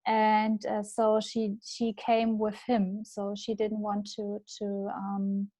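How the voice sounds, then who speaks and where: A woman in her thirties with a German accent, a native German speaker, talking as a podcast guest in a halting way and laughing often. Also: medium pitch, monotone, warm tone. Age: 30s. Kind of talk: casual interview chat.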